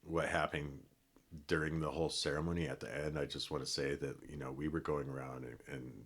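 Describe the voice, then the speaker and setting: A middle-aged man from Colorado with an extremely deep, low voice. He tells his story casually as a podcast guest, rambling along with fillers and restarts. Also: little pitch movement, fairly quick, a bit bright, breathy edge.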